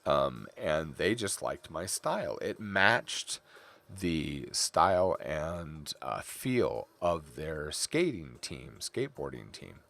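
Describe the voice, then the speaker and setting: A man's voice: a bass voice, very animated, slow, vocal fry, a bit bright. A middle-aged man from California, chatting casually while he draws, rambling off into tangents and stories. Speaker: artist streaming while drawing. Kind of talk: casual chat while drawing.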